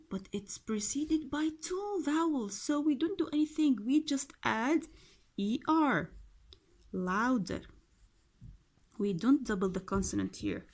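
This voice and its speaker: Woman teacher, arabic accent, slow, slightly high voice, repeats words, patient explaining. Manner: patient, repeats each word, asks and answers her own questions. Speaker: English teacher. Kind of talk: workbook grammar lesson.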